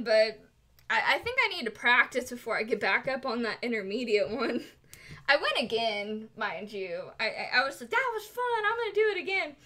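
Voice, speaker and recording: Young female streamer, high and bright, chatty and giggly, loose "like"-filled storytelling. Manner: animated, giggly, lots of "like". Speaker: cosplay streamer. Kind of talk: casual storytelling while crafting on stream.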